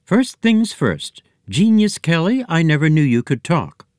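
A man's voice: a little high, very animated, takes it slowly, smooth, dry recording, studio quality, pitched above the performer's own voice. A man voicing a bossy, fierce young girl who speaks sharply in a storybook. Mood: demanding. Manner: sharp, demanding.

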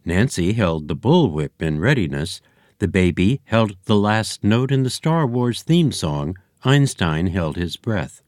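A man reading a children's storybook aloud in a lively, expressive way. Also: low-pitched, dry recording, studio quality. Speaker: narrator.

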